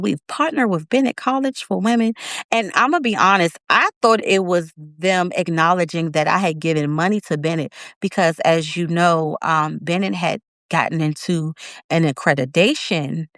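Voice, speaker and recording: A woman in her thirties, interviewed casually, tells her own story and animatedly acts out what she said, her pitch jumping widely. It's an echo-free, studio-quality recording.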